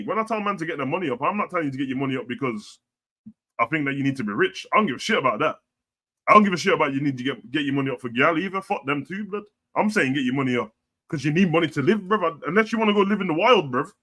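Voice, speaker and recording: A man hosting a casual live stream, reading out chat comments in a blunt, profane, heavy way. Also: high voice. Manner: blunt, profane, slangy, swings between loud and quiet.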